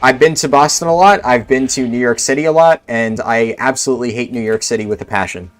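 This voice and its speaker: A man's voice: medium pitch, fast. A young man from New Jersey streaming a game, chatting casually with his viewers in a rambling, laid-back way full of fillers. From Central New Jersey. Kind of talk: casual chat answering live chat.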